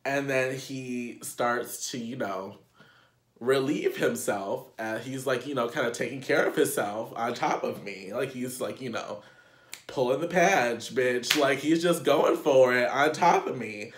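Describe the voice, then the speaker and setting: A young man telling a casual storytime on his vlog, animated and profane, laughing as he goes. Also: medium pitch, measured pace. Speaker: vlogger. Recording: echoey room.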